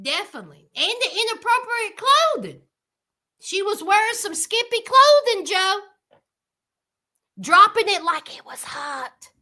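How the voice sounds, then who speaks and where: A woman hosts a casual livestream, talking to her viewers by name. Her voice sits very high and sounds bright and forceful. She takes her time, drawing out her words in animated exclamations. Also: unhurried. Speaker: livestream host. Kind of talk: casual commentary chat with viewers.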